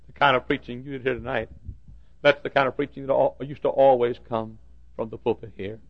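A man voicing an old male church custodian who talks in a soft, tearful, pleading way. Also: mid-range voice, fairly even intonation, brisk, lightly acted. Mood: wistful. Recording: dull lo-fi sermon recording.

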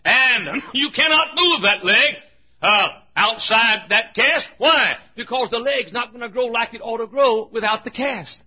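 A man preaching a sermon as pastor, emphatic, swinging between shouted points and hushed asides, with a husky voice. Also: very high-pitched, a little slow. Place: church. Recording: dull lo-fi recording.

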